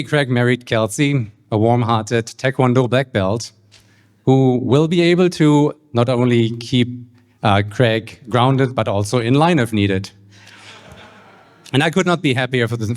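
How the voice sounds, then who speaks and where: A man's voice: medium pitch, expressive, measured pace. German-accented best man giving a toast. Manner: hesitant with fillers, lightly joking. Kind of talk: wedding toast speech.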